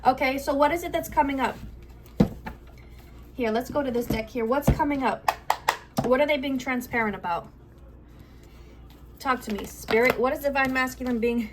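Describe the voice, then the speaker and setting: A woman's voice: high-pitched, normal speed, pauses often, very noisy. A woman giving a spiritual love reading at home, channeling aloud in a rambling way, often repeating herself and searching for words. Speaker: tarot card reader.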